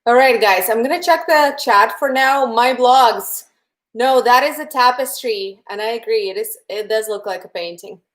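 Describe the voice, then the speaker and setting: During her live painting class, a friendly young woman with a Russian accent talks straight to the audience and answers chat messages as she goes. She speaks at a moderate pace in a highish voice.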